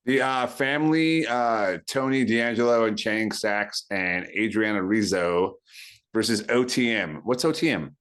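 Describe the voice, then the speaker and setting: A man's voice: lowish voice, a little slow, fairly bright tone. A man co-hosting a casual podcast chat, laid-back and peppering his talk with "dude". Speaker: podcast co-host.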